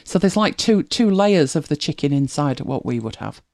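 Streamer, softened northern English accent, casual reaction chat, muses aloud, laughs often, mid pitch. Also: lively intonation, normal speed. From northern England.

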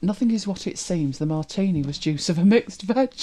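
This streamer hails from northern England and has a softened accent, chatting easily with viewers and laughing often while watching videos. They muse aloud in an animated, mid-range voice at a moderate pace.

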